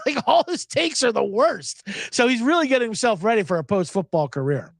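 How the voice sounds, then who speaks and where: Guy hosting a betting podcast solo, super lively pitch, swears a lot, dry close mic. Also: moderate pace, vocal fry, no echo. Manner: animated, sarcastic, profane, laughs often. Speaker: sports betting podcast host. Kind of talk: casual solo podcast talk.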